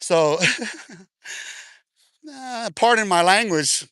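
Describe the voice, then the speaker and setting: A man talks to his livestream while walking outdoors, audibly short of breath from the exercise. His voice sits high and sounds sharp and bright, with a dry, close sound. He teases and needles viewers in loose slang, breaking into laughter again and again. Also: expressive, slow pace, long pauses, dry recording. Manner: taunting, slangy, laughs often. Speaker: livestream host. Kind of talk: casual live stream talk while walking.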